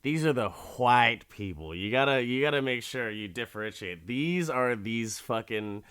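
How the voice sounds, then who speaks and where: A man's voice: mid-range voice, animated, moderate pace, a bit bright, clean tone, no echo. A man hosting a podcast, recapping an episode in a profane, joking, rambling way from his studio mic. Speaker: podcast host. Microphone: studio mic with headphones.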